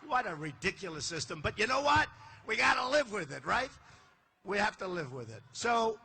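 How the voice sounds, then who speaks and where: Older man, political candidate, high bright forceful voice, boastful punchy rally delivery, faint ambience behind. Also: sing-song, normal speed, creaky, husky. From United States. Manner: boastful, repetitive, punchy phrasing. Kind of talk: campaign rally speech. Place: large indoor arena.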